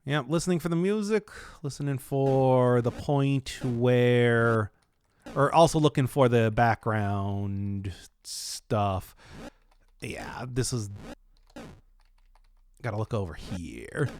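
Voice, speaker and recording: A man commenting on a puzzle game as he plays, thinking aloud and hesitating, with sudden bursts of excitement. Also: medium pitch, takes it slowly, clear, resonant tone. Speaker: let's play host. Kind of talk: let's play commentary.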